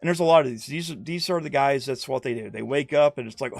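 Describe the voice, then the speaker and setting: A man's voice: mid-range voice, quick pace, creaky, no room sound. A man giving rambling, casual streamed commentary, repeating himself and mocking others in put-on quotes. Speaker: YouTube commentator.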